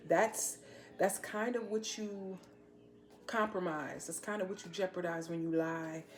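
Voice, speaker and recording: A woman's voice: on the low side, fairly even intonation, measured pace, slight background noise. A woman giving a casual tarot reading to a viewer, blunt, slangy and teasing as she lays out the cards. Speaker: tarot reader.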